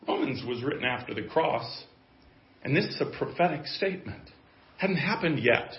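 A male pastor delivering a sermon in a church, his voice at an ordinary middle pitch. He drops to near-murmured asides, then rises into loud, emphatic preaching. The audio is echoey and a little muffled. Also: lively intonation, moderate pace. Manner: swings from quiet musing to loud emphatic preaching.

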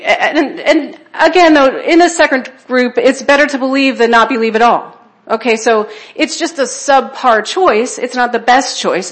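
A woman with a somewhat high, slightly bright voice gives a testimony at a church conference. She speaks with emotion in a conversational manner, pausing to check in with the audience.

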